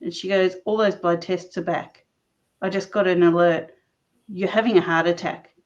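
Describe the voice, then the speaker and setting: A woman's voice: lowish voice, normal speed. Woman telling her story, muffled sound. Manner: animated, laughs often mid-sentence. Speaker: interview guest. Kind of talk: personal storytelling in conversation. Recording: dull lo-fi recording.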